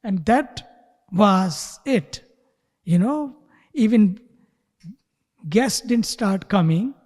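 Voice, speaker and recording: Slow, mellow-voiced spiritual teacher. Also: male voice, high-pitched, animated, big-room sound. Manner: unhurried storytelling, voice drops to whispers. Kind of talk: sermon with storytelling. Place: retreat hall.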